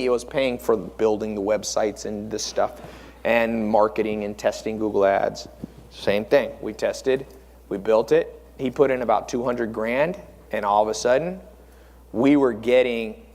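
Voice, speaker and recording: Man speaking in an echoing hall. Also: mid-range voice. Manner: animated, rhetorical questions to the audience. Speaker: speaker at a mentor conference. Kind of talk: live seminar talk. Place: conference room with audience. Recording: long reverb of a hall.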